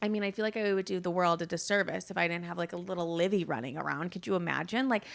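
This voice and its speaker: A woman's voice: on the low side, fast talker, gravelly. A young woman hosting her own podcast, talking candidly in a casual solo monologue, rambling with lots of fillers and frequent swearing. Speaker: podcast host.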